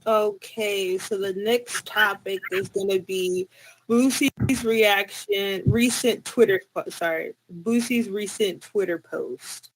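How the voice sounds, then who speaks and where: A woman co-hosting a casual talk show, unhurried and often laughing. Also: mid-range voice, a little hiss or hum, rough recording. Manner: unhurried, giggly. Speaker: co-host. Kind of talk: casual chat.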